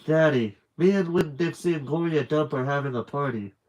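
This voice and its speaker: A man's voice: on the high side, normal speed, darkish tone, pitched above the performer's own voice, lightly acted, poor audio. A man voicing an eager, earnest ten-year-old girl in a storybook read-aloud.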